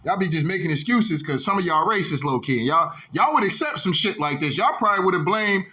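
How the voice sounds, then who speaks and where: Guy ranting on his football vlog, bright pushy voice, heated and profane, says dog a lot. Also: high voice, expressive, fast talker. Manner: heated, repetitive, profane, keeps saying "dog". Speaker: sports vlogger. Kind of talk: ranting sports commentary.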